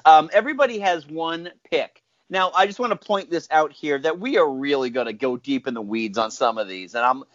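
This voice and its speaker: A man hosting a casual group chat, animated and laughing often. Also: fairly high pitch, no echo, lo-fi sound. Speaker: podcast host.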